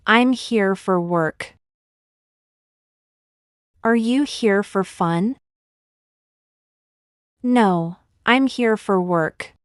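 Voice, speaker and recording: Woman, lesson narration, slow measured pace, crisp enunciation, dry sound. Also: medium pitch, dry recording. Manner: slow, deliberate, clearly enunciated. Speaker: English teacher. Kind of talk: slow scripted phrase lesson.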